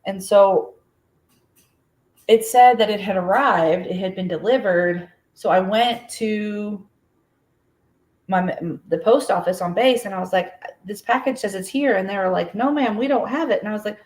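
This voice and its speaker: A woman's voice: mid-range voice, unhurried, darkish tone. An American woman chatting casually on her own livestream. She rambles through a story with many fillers and breaks off to welcome viewers by name. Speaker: crochet livestream host.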